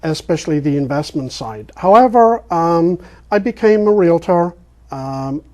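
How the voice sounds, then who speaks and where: An older man from England with an English accent that keeps its R's, answering interview questions as a guest in a rambling storytelling way with many ums and pauses. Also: on the high side, animated, darkish tone. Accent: English, pronouncing his R's. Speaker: guest, real estate investor.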